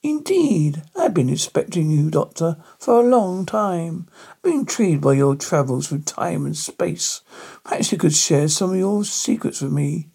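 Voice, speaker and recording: A man's voice: on the high side, expressive, unhurried, creaky, warm tone, slightly rough, heavily acted. A man voicing a menacing vampire count with a thick Eastern European accent, in an amateur audio story.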